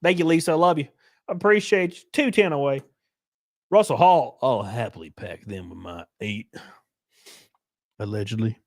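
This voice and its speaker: A man's voice: medium pitch, moderate pace, long pauses. A man hosting a casual livestream, reading viewers' comments aloud and answering them in a loose, joking, rambling way. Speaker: livestream host reading chat.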